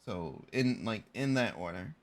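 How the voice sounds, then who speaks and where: A man's voice: fairly low pitch, lively intonation, a little slow. A young man chatting casually on a live stream, rambling and correcting himself as he tells a story in slangy talk.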